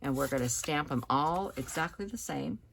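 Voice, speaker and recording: A woman giving a chatty, relaxed hands-on card-making tutorial, talking as she works at her craft table. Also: low voice, moderate pace, gravelly, very noisy. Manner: chatty, relaxed, talks while working. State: hiccups.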